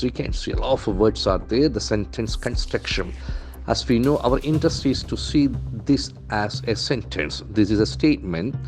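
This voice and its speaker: A man teaching vocabulary from newspaper headlines, repeating and spelling out words slowly. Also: mid-range voice. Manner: slow, repetitive, spells out and stresses words. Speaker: English language trainer.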